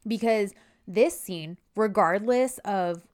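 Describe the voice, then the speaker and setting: A woman's voice: medium pitch, slow, darkish tone. A woman talking casually about a TV series, walking through a scene by quoting the characters' lines. Her voice sits in a middling register, and her delivery is conversational. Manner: conversational, quotes characters while retelling. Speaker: co-host recapping a TV series. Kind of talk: casual chat.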